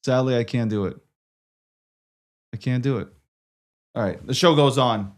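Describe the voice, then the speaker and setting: A man's voice: medium pitch, normal speed, pauses often. A man hosting a live stream, frustrated and swearing, repeating himself as he struggles with his setup. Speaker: livestream host.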